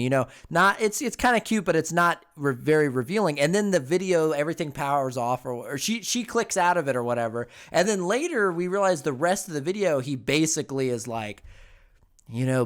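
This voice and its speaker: A man co-hosting a casual film review podcast, rambling and animated, swearing freely. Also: on the high side, normal speed.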